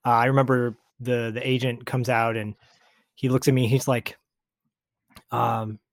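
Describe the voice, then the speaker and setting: A man's voice: mid-range voice, no room sound, clean studio sound. A man hosting a casual interview, a voice actor himself, reacting often and telling his own stories. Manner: animated, quick reactions and laughs. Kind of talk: casual podcast chat.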